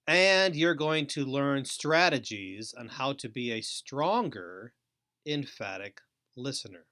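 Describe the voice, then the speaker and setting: A middle-aged man hosting a training webinar, speaking in a deliberate, emphatic way with frequent pauses. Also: mid-range voice, animated, bright, forceful tone. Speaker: host and trainer.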